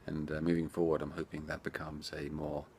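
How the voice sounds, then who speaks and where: Low-voiced man in chatty viewer Q&A. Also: completely flat delivery, brisk, a little mellow, a little hiss or hum. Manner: chatty and rambling, talks straight to viewers. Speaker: indie game developer answering viewer questions. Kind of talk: casual Q&A chat.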